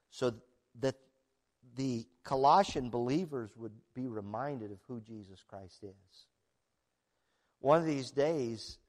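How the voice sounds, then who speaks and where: Middle-aged man, preacher, sermon, emphatic, rhetorical questions, fairly high voice. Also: darkish tone.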